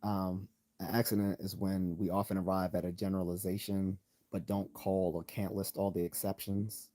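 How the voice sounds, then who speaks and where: A man talks through logical fallacies on a live stream in a deep voice. His tone is mellow and unpolished, full of ums, restarts and read-aloud definitions. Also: level tone. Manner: loose, halting delivery with many ums and restarts; reads out definitions and examples. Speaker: channel host.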